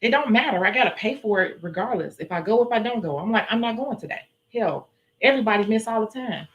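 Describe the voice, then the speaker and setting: A woman with a Chicago accent, chatting casually and forcefully with viewers on a home livestream. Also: medium pitch, animated, fast talker, dull audio. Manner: forceful, blunt, chatty, laughs often. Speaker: nail tech livestream host. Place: indoors at home.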